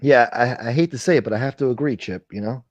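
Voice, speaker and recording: A man's voice: mid-range voice, quick pace, no room sound, highs cut off. A man hosting a casual livestream chat, ranting with profanity and thanking viewers for donations. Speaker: livestream host.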